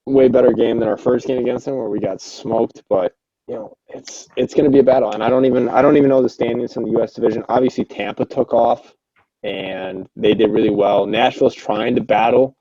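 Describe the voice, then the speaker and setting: A young man talks in a very dark, mellow voice, rambling excitably and cursing as he restarts his sentences. The sound is dry and a little dull and lo-fi, like a home podcast mic. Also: mid-range voice, a little fast, no room sound. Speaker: podcast co-host. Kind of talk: casual podcast chat about an online hockey league.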